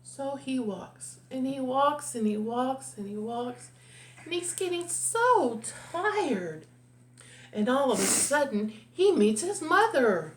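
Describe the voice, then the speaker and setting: A woman reading a picture book aloud, slow and expressive as a storyteller. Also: sits high. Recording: echoey room.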